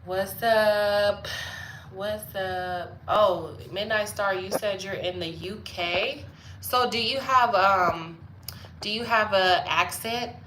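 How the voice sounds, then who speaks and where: A woman's voice: mid-range voice, slow, bright, forceful tone, reverberant, slight background noise, rough recording. A woman chatting playfully with viewers during a casual live stream.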